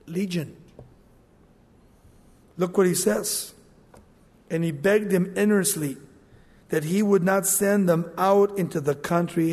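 High-voiced man preaching in a reverberant hall. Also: slow pace, long pauses, darkish tone. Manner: dramatic, acts out quoted voices. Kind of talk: sermon.

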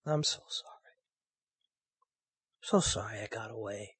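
A man voicing a grieving old king who mourns his son, in a hushed, broken whisper. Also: lowish voice, unhurried, breathy edge, voice pushed down, exaggerated voice. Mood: remorseful.

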